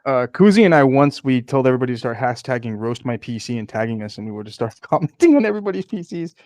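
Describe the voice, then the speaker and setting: Fast-talking joking male co-host. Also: mid-range voice, no room sound, clean studio sound. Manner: energetic, joking, says "dude". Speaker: PC company co-host. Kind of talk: casual livestream chat.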